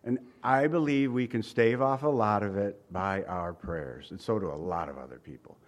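A man preaching a sermon in a conversational way, asking the congregation rhetorical questions and reading scripture aloud slowly and with emphasis. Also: fairly low pitch, highs cut off. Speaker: pastor.

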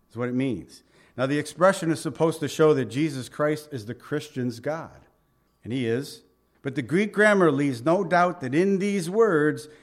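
A middle-aged male pastor preaching a conversational sermon, often asking his listeners questions. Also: medium pitch. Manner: conversational, asks the congregation questions.

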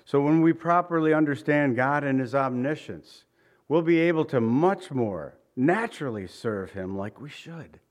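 A man preaching a sermon as pastor, earnest and conversational, stressing points by repeating them. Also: mid-range voice.

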